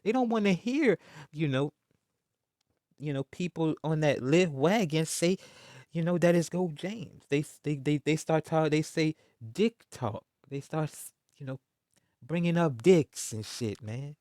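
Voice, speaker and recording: A sports vlogger with a higher-than-average, slightly mellow voice rants about sports at a measured pace, recorded dry at studio quality. His casual chat is heated and repetitive, packed with slang, mockery and insistence, with "man" tagged onto his lines.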